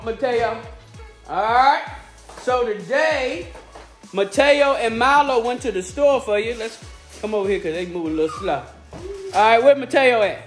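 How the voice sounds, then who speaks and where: A playful woman chats through a casual family vlog, teasing and coaxing her kids in a relaxed drawl. Her voice sits high in pitch. Soft music plays faintly underneath. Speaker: family vlogger.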